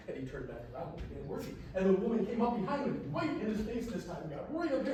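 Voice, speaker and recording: A man from a small comedy troupe works a live crowd, teasing them and spinning a crude supermarket joke. His voice sits high, and it comes from well away from the mic. The hall echoes heavily around him. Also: sing-song, fast, a little mellow, slight background noise. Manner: crude, playful crowd banter. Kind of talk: live stand-up storytelling. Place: large hall with a live audience. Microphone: far from the recording mic. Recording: echoey hall recorded from far off.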